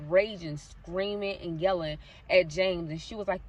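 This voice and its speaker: A woman's voice: medium pitch, a little slow, few pauses, recorded from a distance, a little hiss or hum. A woman vlogger casually retelling a true-crime story, chatty and talking straight to her viewers with lots of fillers. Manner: chatty, addresses viewers directly, frequent fillers like "so basically".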